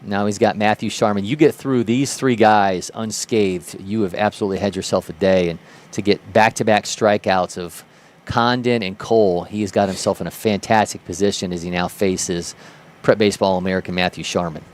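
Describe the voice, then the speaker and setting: Low-voiced man calling baseball play-by-play. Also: normal speed. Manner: lively, rises sharply on big plays. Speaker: play-by-play commentator.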